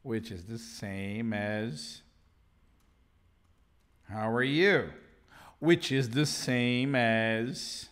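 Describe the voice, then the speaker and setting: Slow-talking Brazilian man teaching English. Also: mid-range voice, a bit bright. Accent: Brazilian Portuguese. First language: Portuguese. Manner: repeats phrases slowly, mixes in Portuguese explanations. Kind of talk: live online English lesson.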